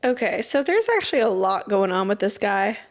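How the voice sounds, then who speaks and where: A young woman hosting a casual deep-dive show, reading facts aloud and breaking off into swearing, joking asides and laughter. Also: big pitch swings, fairly quick. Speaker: podcast host.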